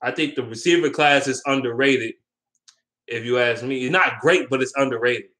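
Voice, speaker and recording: A man's voice: mid-range voice, normal speed, bright, forceful tone. A young man talking casually about sports in a rambling, opinionated way, with slang and lots of ums. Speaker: sports vlogger.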